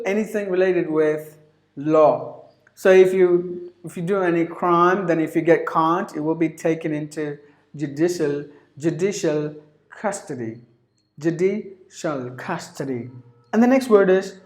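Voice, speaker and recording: A man teaching English pronunciation, repeating each word several times in a drawn-out way. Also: high-pitched, darkish tone. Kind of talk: pronunciation lesson. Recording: roomy echo.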